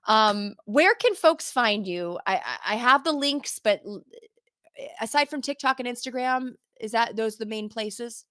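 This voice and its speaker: A woman hosts a casual interview with an effusive, chatty manner that drifts into rambling asides. Her voice sits a little high. The sound is dry and close. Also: expressive, measured pace, a bit bright, no room sound. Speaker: podcast host.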